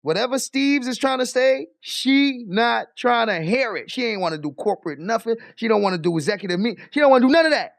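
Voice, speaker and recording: A man giving slangy, animated reaction commentary on a meeting clip, with chuckling asides. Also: very high voice, a little fast, gravelly, hardly any pauses, dry recording, studio quality.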